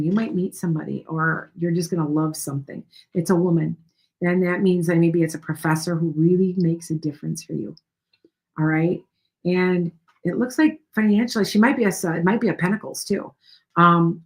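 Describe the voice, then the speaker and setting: Her pitch fairly low and her tone steady, a middle-aged woman reads tarot on a casual livestream at a moderate pace. She wanders through her thoughts and reassures viewers individually by name.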